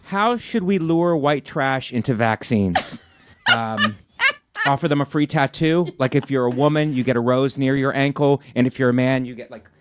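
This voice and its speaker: A man's voice: mid-range voice, moderate pace, noisy background. A man hosting a comedy podcast, firing off teasing questions and bursting into laughter. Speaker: podcast host. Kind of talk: comedic rapid-fire interview.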